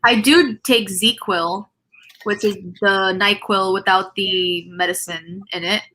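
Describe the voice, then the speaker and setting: A woman with a bright, forceful voice hosts a relaxed live chat over a video call. She rambles through restarts and breaks into laughs between thoughts. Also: medium pitch, slow pace. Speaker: host; teacher.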